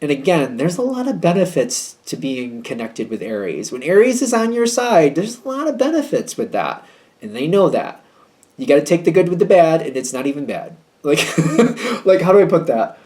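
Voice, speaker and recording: A man reads tarot for his viewers in a loose, chatty way, hedging his points with a wry, slightly snippy edge. His voice sits a bit high for a man and swings widely up and down as he talks. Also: very animated, moderate pace, darkish tone. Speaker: tarot reader. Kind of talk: casual tarot reading video.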